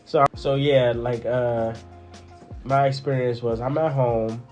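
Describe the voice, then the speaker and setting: A man casually recounting his part in a family testimony, animated and full of restarts and fillers. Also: mid-range voice, slow, soft background music. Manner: animated, repeats words, many fillers. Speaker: husband sharing a testimony.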